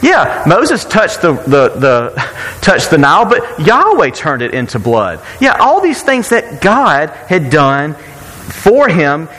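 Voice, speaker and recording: A man's voice: fairly high pitch, huge pitch swings, takes it slowly, a bit bright, long reverb tail, poor audio. A man preaching a sermon in a conversational way, often repeating words and asking rhetorical questions. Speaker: pastor.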